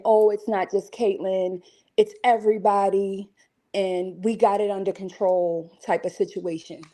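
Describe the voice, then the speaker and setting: A woman's voice: mid-range voice, warm tone, low-quality recording. A woman on a stream panel, cutting in and thinking aloud with fillers. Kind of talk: casual stream chat.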